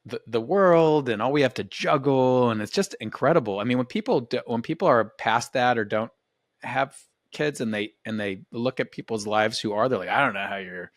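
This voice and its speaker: A man's voice: mid-range voice, moderate pace, dry recording, clean studio sound. A man hosting a podcast, talking reflectively and rambling, often restarting his sentences. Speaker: podcast host. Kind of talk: casual podcast conversation.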